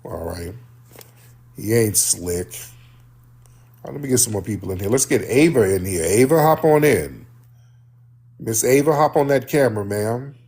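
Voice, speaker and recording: A man's voice: on the low side, lively intonation, normal speed, pauses often, a little mellow, slightly rough. A man hosting a casual livestream chat, brash, teasing and confrontational with his callers. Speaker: livestream host.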